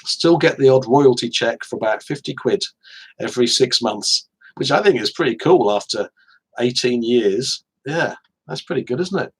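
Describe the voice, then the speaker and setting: A man's voice: medium pitch, lively intonation, normal speed, breathy edge, low-quality recording. An English man in his forties, an author hosting a casual live stream, chatting in a rambling, self-deprecating way with frequent restarts.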